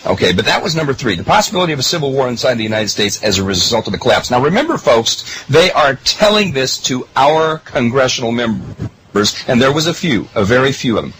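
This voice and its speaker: A man delivers a monologue to his listeners with emphatic stresses and pointed rhetorical questions. His pitch swings widely and sounds animated. A faint noise sits under the recording. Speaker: political commentary host.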